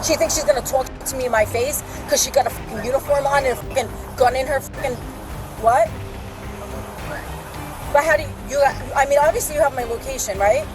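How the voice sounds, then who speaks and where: A woman shouting and cursing angrily at police officers during an arrest at a roadside. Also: high-pitched, brisk. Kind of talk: heated argument with police. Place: outdoors by a roadside. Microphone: police body camera. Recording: distant body-cam audio with music.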